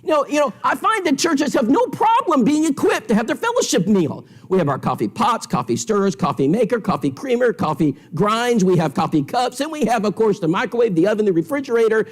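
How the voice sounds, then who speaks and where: A man's voice: extremely high pitch, big pitch swings, a little fast, hardly any pauses. A man teaching an evangelism seminar in a church, telling stories with quoted dialogue in an emphatic way. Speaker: preacher.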